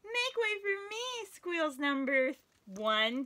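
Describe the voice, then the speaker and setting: High, bright-voiced story time lady. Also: very slow, few pauses. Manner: animated, sing-song, exaggerated for kids, counts along. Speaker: children's librarian, story time host. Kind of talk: reading picture books aloud to young children.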